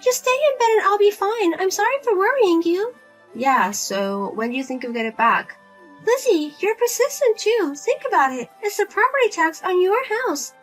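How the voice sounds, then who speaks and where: A woman's voice: very high voice, very animated, moderate pace, soft background music. A woman playing a pushy, self-pitying widowed mother who keeps guilt-tripping her daughter and asking for money, in a narrated drama. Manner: nagging, whiny, guilt-tripping.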